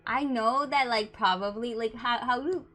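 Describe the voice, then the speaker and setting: A woman's voice: fairly high pitch, moderate pace, pushed and bright. A woman streamer reading a dating game aloud, breaking off into giggly, chatty asides.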